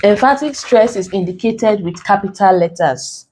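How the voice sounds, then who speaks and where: Mellow-voiced woman teaching an exam lesson. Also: mid-range voice, rough recording. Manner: explains patiently, repeats key points, slows down to dictate notes. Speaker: English teacher.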